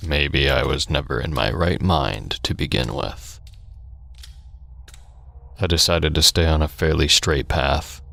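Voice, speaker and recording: A man narrating a first-person horror story in a steady, scripted storytelling manner. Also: very deep voice, no echo.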